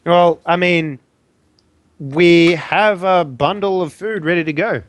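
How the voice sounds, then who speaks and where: A man's voice: high voice, slow, no echo. A man playing in a tabletop game, joking, laughing and swearing in character. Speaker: player.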